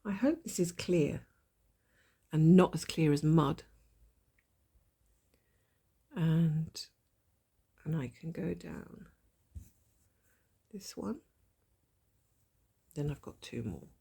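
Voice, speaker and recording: A woman with a gravelly voice and a blocked nose from a cold, chatting casually and thinking aloud while she stitches, with a self-deprecating manner. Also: sits low, dark tone. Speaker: cross-stitch vlogger. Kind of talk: casual stitch-along chat.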